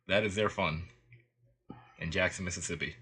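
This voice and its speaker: Male co-host, husky low voice, easygoing, laughs often, casual sports talk. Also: fairly even intonation, moderate pace, bright, forceful tone. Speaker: podcast co-host.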